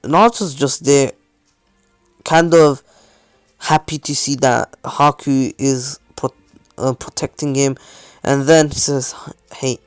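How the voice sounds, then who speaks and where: A man's voice: medium pitch, fairly even intonation, slow pace, long pauses, clean tone, no echo, faint music behind. A man improvising a fan fiction story as narrator, rambling with many fillers and restarts. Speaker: channel host, storyteller.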